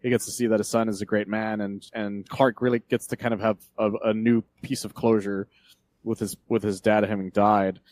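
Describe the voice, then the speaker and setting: A man's voice: lowish voice, level tone, fairly quick, a little mellow, dry recording. A man co-hosting a casual comics podcast, talking in a rambling way with frequent laughs and restarts. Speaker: podcast co-host. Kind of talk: casual chat about comics.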